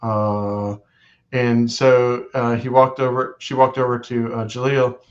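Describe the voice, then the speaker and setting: A man's voice: medium pitch, level tone, slow, lo-fi sound. A man co-hosting a casual fan chat, rambling through stories with many fillers and quoted exchanges. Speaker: co-host of a fan watch-along show.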